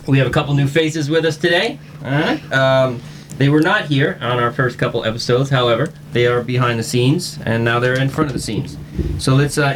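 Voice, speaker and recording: A man hosting a casual group podcast, talking in an easygoing, joking way. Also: medium pitch. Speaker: podcast host. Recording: noisy home recording.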